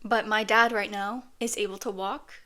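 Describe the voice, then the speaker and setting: A woman's voice: medium pitch, fairly even intonation, normal speed, pushed and bright. A woman casually telling a personal story on her podcast, chatty and earnest, with lots of "like" fillers.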